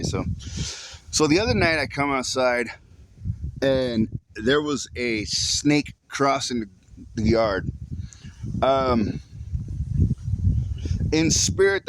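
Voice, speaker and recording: A man's voice: medium pitch, noisy background. Rambling man telling a story outdoors. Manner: rambling, repeats himself, swears casually. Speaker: vlogger. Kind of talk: casual storytelling.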